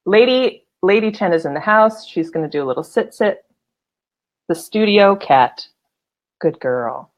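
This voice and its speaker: A woman hosting a live online show, chatting casually, laughing often and giving warm shout-outs to viewers. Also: mid-range voice, animated, unhurried. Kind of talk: casual live-stream chat.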